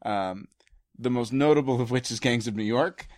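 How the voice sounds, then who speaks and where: A man's voice: mid-range voice, normal speed, a little mellow. Easygoing man chatting on a podcast. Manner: easygoing, rambling, laughs along. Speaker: podcast co-host. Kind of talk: casual chat. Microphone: podcast microphone.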